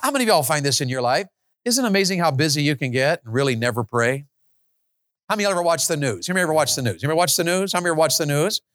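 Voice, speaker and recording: Male preacher, lively sermon delivery, rhetorical questions, dry recording. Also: no echo. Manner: animated, swings from loud high exclamations to low quiet stretches.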